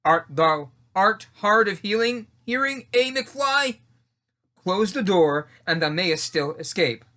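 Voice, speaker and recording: Guy doing a sneery teen bully, bright tone, takes his time. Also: high-pitched, expressive, slow pace, exaggerated voice. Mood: sneering. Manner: sneering, menacing. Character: bullying teenage male thug. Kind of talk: home play reading in mock-Shakespearean verse.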